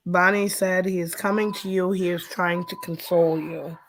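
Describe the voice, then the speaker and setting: A woman's voice: lowish voice, fairly even intonation, normal speed, a little hiss or hum. A woman co-hosting a live stream, casually reading out viewers' messages. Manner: casual, reads messages aloud. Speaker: co-host reading out questions.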